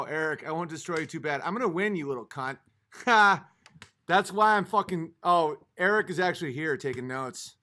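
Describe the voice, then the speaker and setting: This livestream host has a slightly high, bright, forceful voice. Late at night and a few drinks in, he rants heatedly, swearing heavily as he reads comments from the chat aloud.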